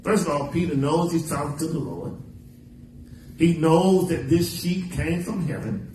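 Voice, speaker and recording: High-voiced preacher in echoey church. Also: male voice, measured pace, darkish tone, slight background noise. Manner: folksy preaching with dramatic voiced quotes and humor. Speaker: pastor. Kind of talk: sermon. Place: church sanctuary. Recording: echoey church recording from a distance.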